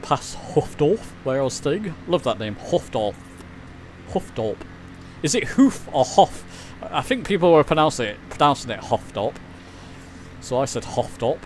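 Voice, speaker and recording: A man's voice: mid-range voice, expressive, normal speed, slight background noise. A man chatting casually while streaming a flight simulator, rambling and reading chat aloud. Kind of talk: casual live-stream commentary.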